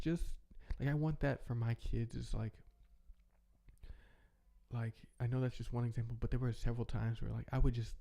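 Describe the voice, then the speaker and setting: A man's voice: mid-range voice, gravelly, mellow. A young man talking in a rambling, heartfelt way, chatting casually as a podcast host. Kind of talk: casual reflective chat.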